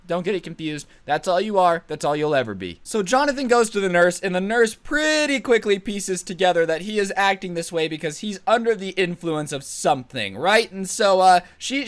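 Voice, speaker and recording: A man in his twenties telling a comedic high school story, sarcastic and animated. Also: no room sound. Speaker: storytime vlogger.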